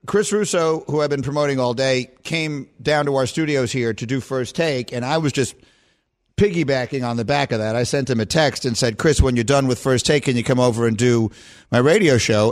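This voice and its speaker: A middle-aged man hosting a sports radio show, telling stories in a playful, animated way and laughing often. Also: medium pitch. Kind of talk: casual sports radio chat.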